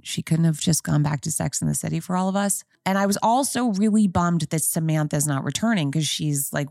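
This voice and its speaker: A woman's voice: on the low side, no room sound, studio quality. A woman in her forties hosting a podcast, chatting casually and emphatically to her listeners. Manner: gushing, chatty and emphatic, talking straight to listeners. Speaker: podcast host. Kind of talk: casual chat recap.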